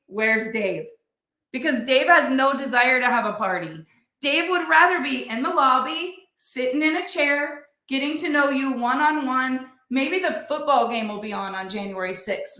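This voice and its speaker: A middle-aged woman, a motivational speaker and business leader, gives a talk full of animated stories, acting out other people's lines and saying "like" in nearly every sentence. Her voice is high-pitched, and the recording has a roomy echo.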